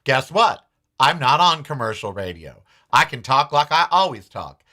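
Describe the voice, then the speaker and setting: A man's voice: medium pitch, big pitch swings, moderate pace, sharp tone. Sarcastic, foul-mouthed male commentary host. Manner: blunt, sarcastic, swears freely. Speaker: podcast host. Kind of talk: casual political commentary.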